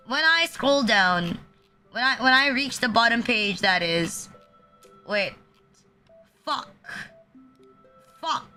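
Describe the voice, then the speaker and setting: A young woman chats on a home live stream, crude and rambling, her words piled with fillers and frequent laughs. Her voice sits high and sounds bright. Faint music plays underneath. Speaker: VTuber streamer. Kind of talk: casual live-stream chat.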